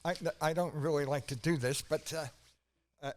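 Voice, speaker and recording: Halting man. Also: fairly high pitch, steady tone. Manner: halting, full of fillers and restarts, wry asides. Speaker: podcast co-host. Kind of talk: casual chat.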